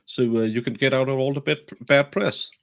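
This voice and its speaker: A man's voice: mid-range voice, fairly even intonation, a little fast. A man from Denmark, co-hosting a casual political chat and ranting bluntly with strong opinions. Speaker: co-host.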